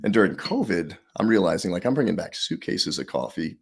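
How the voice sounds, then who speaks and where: A man's voice: low voice, brisk, vocal fry, husky. A middle-aged man, a podcast guest and author, chatting casually and acting out the people in his stories. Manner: animated storyteller, acts out quotes. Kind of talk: casual interview chat.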